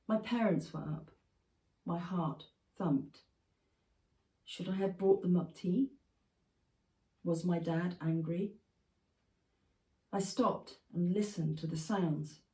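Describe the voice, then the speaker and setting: Author reading, female, measured and expressive; low, dark tone, recorded from a distance in an echoey room. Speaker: prize-winning author reading her own memoir piece. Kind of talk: literary reading. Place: festival venue. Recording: roomy, from a distance.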